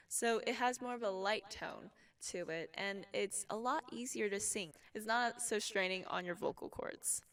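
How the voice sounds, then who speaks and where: A young woman teaching a casual singing lesson, explaining calmly between sung examples. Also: mid-range voice, moderate pace, few pauses, recorded from a distance, faint music behind. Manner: relaxed explaining, with sung demonstrations. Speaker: vocal instructor.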